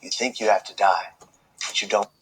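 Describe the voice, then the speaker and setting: A man telling his own life story as a speaker, earnest and slow, with dramatic pauses. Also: on the low side, steady tone, fairly bright tone, slight background noise, low-quality recording. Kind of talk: emotional personal storytelling speech.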